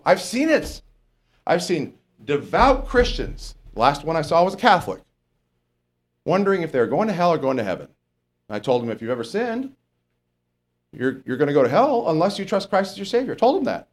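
A man's voice: a little high, sing-song, brisk. A man preaching a sermon in a conversational way, asking the congregation questions and correcting himself as he goes.

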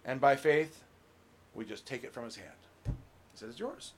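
A middle-aged man preaching a relaxed, conversational sermon as pastor, folksy, full of restarts and "you know.". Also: medium pitch, moderate pace, a little hiss or hum.

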